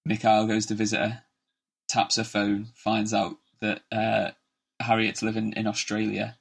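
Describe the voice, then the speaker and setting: A man's voice: fairly low pitch, monotone, unhurried, creaky, slightly rough. A laid-back man co-hosting a podcast, chatting casually, swearing freely and laughing easily. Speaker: podcast co-host. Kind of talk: casual chat.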